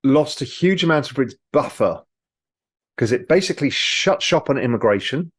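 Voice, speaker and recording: A man, a guest in an interview, explaining with lively storytelling. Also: mid-range voice, moderate pace, slightly rough. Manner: animated storyteller, mimics people in quotes. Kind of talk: casual interview talk.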